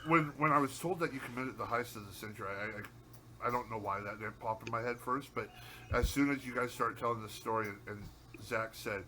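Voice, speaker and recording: A man co-hosting a podcast, adding quiet, wry comments in casual chat. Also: medium pitch, brisk, slight background noise, poor audio. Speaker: podcast co-host.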